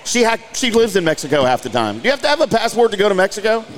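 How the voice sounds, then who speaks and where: A man's voice: high-pitched, a little hiss or hum. A man hosting a casual golf talk show, joking and bantering with his co-host. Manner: joking, animated, quick to laugh. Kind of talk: casual sports chat.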